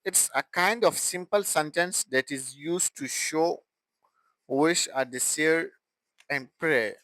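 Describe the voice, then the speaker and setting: A man teaching English grammar in a halting way, with restarts and broken phrasing. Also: a little high, bright, forceful tone, dry recording, rough recording. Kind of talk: classroom grammar explanation.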